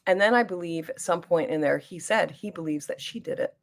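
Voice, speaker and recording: A woman's voice: fairly low pitch, brisk. A middle-aged woman chatting casually as she does her makeup and reads viewer comments aloud. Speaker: beauty vlogger. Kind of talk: casual get-ready-with-me chat.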